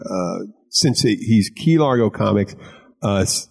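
A man's voice: mid-range voice, lively intonation, unhurried, vocal fry, a little mellow. Rambling, profane Philadelphia man. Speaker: host. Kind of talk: casual chat.

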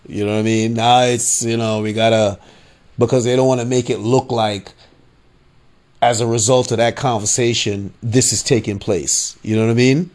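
A man's voice: mid-range voice, a little mellow. Profane, ranting podcast man. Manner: profane, repetitive, frequent "you know what I'm saying"; mocking voices he quotes, laughing at his own points. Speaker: podcast host. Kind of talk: casual political rant.

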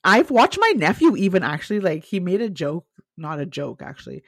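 A woman's voice: on the low side, very animated, fairly quick, gravelly, no room sound, clean studio sound. A young woman co-hosting a podcast in casual chat, talkative, laughing often and swearing casually. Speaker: podcast co-host.

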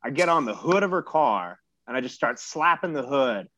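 A man's voice: mid-range voice, lively intonation, moderate pace, pushed and bright, dry recording. A man in his thirties telling a rambling, self-mocking story in casual chat and swearing freely. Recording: dull lo-fi dry recording.

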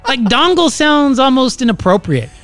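A man's voice: very high voice, big pitch swings, normal speed, fairly bright tone, faint music behind. A man co-hosting a podcast in casual chat, playful and teasing, drifting off on tangents. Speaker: podcast co-host.

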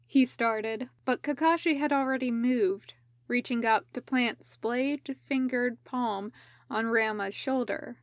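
A woman narrating a fan-fiction audiobook in a measured, even way. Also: fairly high pitch, dry recording, studio quality. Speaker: podfic reader.

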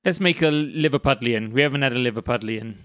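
A man's voice: mid-range voice, fast, fairly bright tone, no room sound, studio quality. A man in casual, playful chat, co-hosting a read-aloud. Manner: playful, laughing. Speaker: co-host.

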